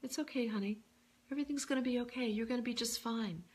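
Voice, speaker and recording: A woman doing a soft, soothing older woman. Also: on the high side, fast talker, husky, pitched above the performer's own voice. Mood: reassuring. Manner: soft, tender, reassuring.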